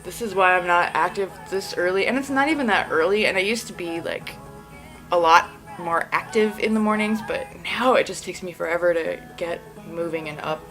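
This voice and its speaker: A woman's voice: fairly low pitch, normal speed, fairly bright tone, soft background music, rough recording. A woman hosting a casual solo podcast, sleepy and just out of bed, rambling with lots of "like" and frequent giggles. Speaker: podcast host.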